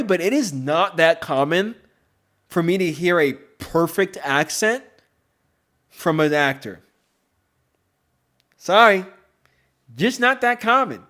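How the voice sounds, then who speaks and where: A man hosts a podcast in loose, casual chat. His voice sits a little high for a man. He rambles excitably and leans on fillers as he goes. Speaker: podcast host.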